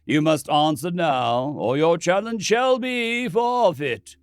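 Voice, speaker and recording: Man doing a chanting priest, slow ceremonial intoning, raised pitch, dry close sound. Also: expressive, clear, resonant tone, dry recording. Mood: solemn, ritual. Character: solemn chanting middle-aged male priest.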